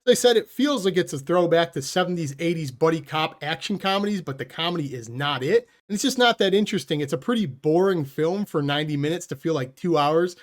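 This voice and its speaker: A man giving a casual spoken film review, blunt and sarcastic, with loose, chatty phrasing and quick self-corrections. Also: fairly high pitch. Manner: sarcastic, blunt put-downs. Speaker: movie reviewer.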